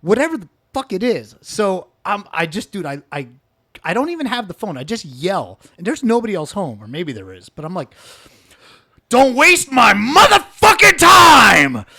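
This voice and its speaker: A man's voice: high voice, big pitch swings, a little fast. A man hosting a casual comedy podcast, telling a story animatedly with constant swearing and "dude". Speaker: podcast host.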